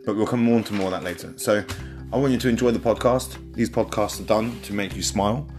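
Low voice guy rambling thru a podcast intro, music playing behind. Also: fast, darkish tone. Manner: loose, rambling, self-correcting. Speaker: podcast host.

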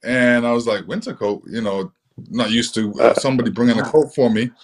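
A man from England, a guest in an interview, telling stories from his youth in a relaxed, easygoing way with lots of "you know.". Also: mid-range voice, fairly quick. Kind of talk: relaxed storytelling.

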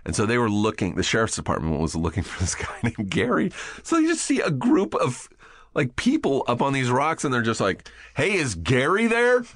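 A middle-aged man telling a casual story as a podcast guest, animated and profane, often laughing. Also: mid-range voice, brisk.

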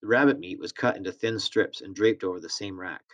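A man reading a novel aloud in a steady, plain storytelling manner. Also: on the low side, brisk. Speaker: reader.

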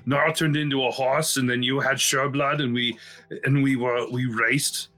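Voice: medium pitch, steady tone, moderate pace, fairly bright tone. A tabletop player speaking in character in a playful, joking way. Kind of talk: tabletop game role-play. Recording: faint background music.

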